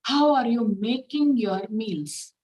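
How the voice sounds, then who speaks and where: Woman, spiritual teacher, guided reflection, gentle rhetorical questions, slow pace. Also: a little high, poor audio.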